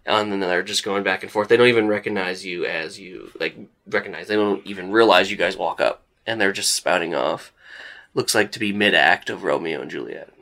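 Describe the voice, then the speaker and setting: A man's voice: low-pitched, brisk, sharp tone. A young man narrating as game master of a tabletop horror game, casual and loose with many "like" fillers.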